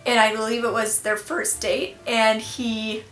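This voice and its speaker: A young woman vlogger telling a storytime tale in an animated, self-deprecating way, laughing at herself. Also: a little high, unhurried. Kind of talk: storytime vlog. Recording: echoey room, faint music.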